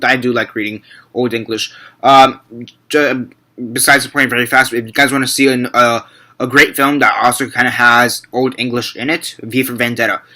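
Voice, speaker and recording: Young man, casual movie review vlog, rambling, self-correcting, bright forward voice. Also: mid-range voice, little pitch movement, moderate pace.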